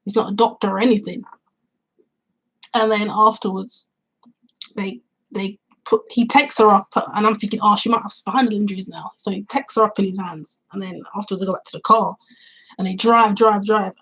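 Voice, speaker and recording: A woman chats through a film's plot for her vlog, her voice slightly husky and breathy at an ordinary middle pitch. She rambles step by step, piling on fillers and acting out her own reactions as she goes. She talks outdoors on a cool day. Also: steady tone, moderate pace, a bit bright, low-quality recording. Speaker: film reviewer. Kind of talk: casual spoken film review.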